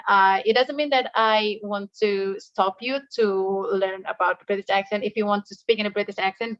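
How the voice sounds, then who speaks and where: A woman's voice: medium pitch, fairly bright tone. Indonesian-accented woman, class discussion leader, hesitant delivery, muffled video call sound. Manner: hesitant, many fillers and restarts. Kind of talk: casual spoken remarks to a class.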